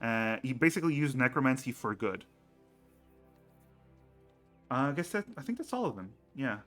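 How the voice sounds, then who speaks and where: A man acting as game master, explaining campaign lore in a halting way, with many fillers and restarts. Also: medium pitch, big pitch swings, a bit bright, soft background music.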